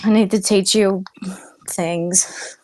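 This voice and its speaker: A woman's voice: medium pitch, fairly even intonation, takes it slowly, a little mellow, dry recording. Laid-back woman player at a game table. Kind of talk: casual chat at a game table.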